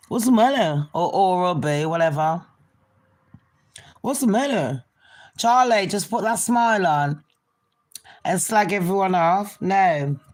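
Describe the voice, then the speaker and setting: Slow, sweary woman ranting. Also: lowish voice. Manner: sweary, mocking, laughing at her own jokes. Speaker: commentary vlogger. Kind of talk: ranting commentary vlog.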